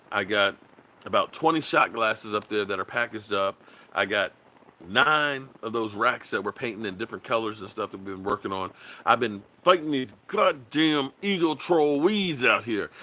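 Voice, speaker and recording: A man's voice: medium pitch, bright, forceful tone. A man hosting a casual sports livestream, rambling loosely, reading viewer comments aloud and swearing bluntly. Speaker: sports channel host.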